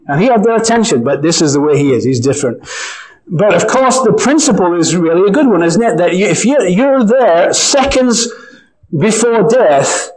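A man preaching a sermon, earnest and emphatic, slowing down to stress key phrases. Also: sits high, lively intonation, poor audio.

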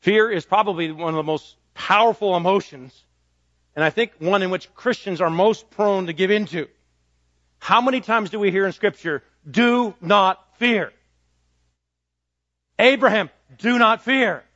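Male pastor mid-sermon with a high voice; punchy declarations and hushed asides, dull close recording. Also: normal speed, dry recording. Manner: emphatic preaching, swinging between ringing declarations and soft low asides.

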